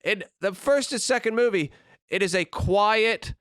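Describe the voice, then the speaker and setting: A man's voice: sits high, a little slow, fairly bright tone, smooth, no room sound, clean studio sound. A man co-hosting a podcast remotely, giving opinionated, profane rants in casual chat. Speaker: podcast co-host. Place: remote recording.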